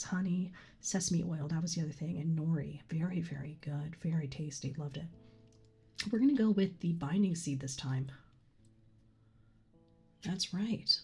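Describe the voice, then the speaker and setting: A soft-spoken woman streaming a game from a room at home, often dropping to a whisper as she reads game text, a little congested from a cold, on a condenser desk mic. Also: deep voice, husky. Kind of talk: let's play commentary and reading game text.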